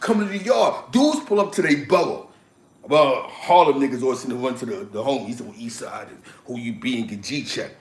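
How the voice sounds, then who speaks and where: In a casual chat, a man recounts street and prison stories, laughing a lot and animatedly acting out other people's lines. His mid-range voice moves a little fast, and the room is echoey.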